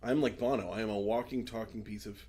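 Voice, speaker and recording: A man's voice: fairly low pitch, fairly even intonation, fast talker, dark tone, slightly rough. A man co-hosting a podcast in casual chat, rambling, swearing and laughing often. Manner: rambling, swearing, laughs often, retells scenes in put-on voices. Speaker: podcast co-host.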